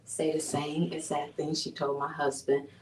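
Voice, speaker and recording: Animated woman telling her story, roomy sound. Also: low voice, normal speed, slight background noise. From Buffalo, New York. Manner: animated storytelling, frequent laughs. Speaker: guest. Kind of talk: personal testimony in an interview. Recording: roomy sound from a distant mic.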